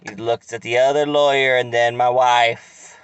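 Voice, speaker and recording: A man telling a crude, rambling comic story in a deadpan way. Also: mid-range voice, unhurried, clean tone, dry recording, dull audio. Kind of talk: comic monologue.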